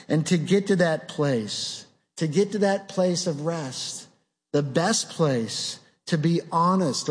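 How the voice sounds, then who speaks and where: A man preaching a sermon in a slow, emphatic style, building on rhetorical questions. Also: fairly high pitch, big-room sound.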